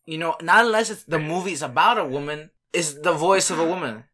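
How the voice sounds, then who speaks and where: A man's voice: fairly high pitch, fairly quick, bright, forceful tone. A young man co-hosting a podcast in casual chat, playful and giggly, jumping from idea to idea. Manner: playful, giggly, jumps between ideas. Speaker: podcast co-host.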